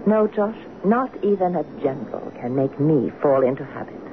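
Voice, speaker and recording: An actress in a 1970s radio drama playing a middle-aged French wife with a French accent, once in the resistance, talking in a tender, teasing way. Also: female voice, sits low, lively intonation, normal speed. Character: wistful French wife, former resistance fighter. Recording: tinny lo-fi old radio broadcast with hiss.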